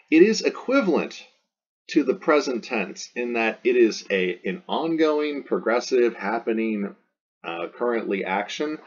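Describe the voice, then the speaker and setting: A man's voice: lowish voice, husky, lo-fi sound. A man teaching a recorded video lesson on Latin grammar, explaining each point patiently, step by step, with small restarts.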